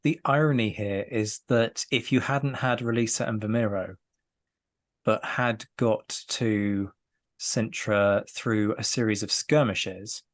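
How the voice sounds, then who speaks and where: A man appearing as a guest in a casual history discussion, animated and wry, laughing lightly as he makes his points. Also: fairly low pitch, takes it slowly.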